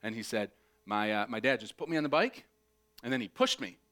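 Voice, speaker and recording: Animated man preaching a sermon. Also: mid-range voice, a little fast. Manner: animated storyteller, acts out shrieking child voices. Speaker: pastor. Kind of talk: sermon with storytelling.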